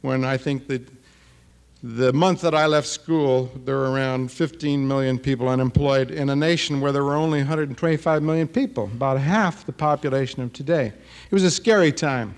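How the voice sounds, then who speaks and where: A man in his fifties, a writer giving a lively talk to an audience, animated and feisty and often tagging his remarks with a challenging "huh?". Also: mid-range voice, moderate pace, clear, resonant tone.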